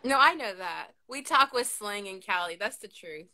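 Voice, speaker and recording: A woman with a lisp hosting a casual chat, animated and quick to swear and laugh. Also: medium pitch. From Southern California. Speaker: podcast host.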